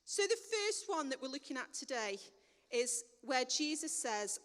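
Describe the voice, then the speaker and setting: Bright high woman preaching. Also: sing-song, measured pace. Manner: conversational, plain-spoken, self-correcting. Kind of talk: sermon. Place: church hall. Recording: long hall reverb.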